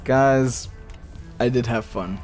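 Faint music plays behind a young man giving rambling live commentary over his gameplay, talking to himself and occasionally exploding in exasperation. This gaming video creator's mid-range voice is slow and a little mellow.

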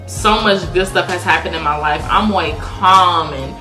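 A woman in her twenties chatting casually on a vlog, lively and swearing freely as she acts out what people said. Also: lowish voice, measured pace. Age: 20s. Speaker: vlog guest, girlfriend. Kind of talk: casual chat. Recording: echoey room with music behind.

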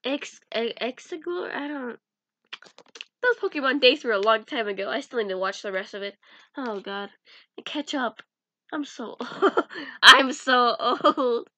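A woman's voice: a little high, animated, normal speed, fairly bright tone, no echo. A young woman chatting casually in a vlog as she sorts through cards, giggling and mumbling names to herself. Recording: dull lo-fi sound.

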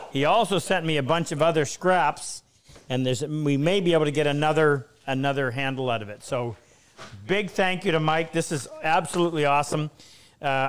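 A man's voice: on the high side, clean tone. A middle-aged man hosting a live woodworking stream, chatting loosely with frequent restarts. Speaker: host.

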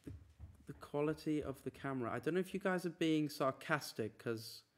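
A young man with a slightly high voice chats casually on a live stream from a room. He runs through a long list of names quickly, with plenty of fillers along the way. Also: expressive, a little hiss or hum. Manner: rattling off names in a quick run. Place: apartment room.

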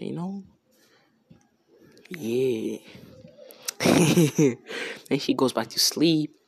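A young man spins a fan story off the cuff, rambling and slangy, starting over again and again. He talks slowly, but his pitch swings up and down a lot. The recording is close and dry. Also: no echo. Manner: rambling, slangy, with many restarts. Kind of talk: improvised casual storytelling.

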